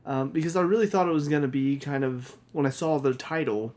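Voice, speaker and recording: A man's voice: a little high, a little fast, darkish tone. Rambling male TV reviewer. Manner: rambling, self-correcting, laughs often. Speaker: TV show reviewer. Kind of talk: casual spoken review.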